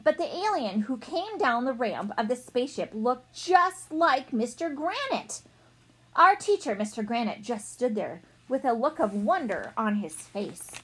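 Woman reading a kids chapter book out loud, breathy, bouncy pitch, playful. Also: measured pace. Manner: expressive, playful character voices. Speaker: reader.

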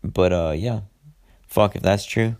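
Young male podcast host, deep gravelly voice, loose and foul-mouthed, lots of ums. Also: unhurried, a little mellow. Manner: rambling, profane, frequent filler words. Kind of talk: casual solo podcast monologue.

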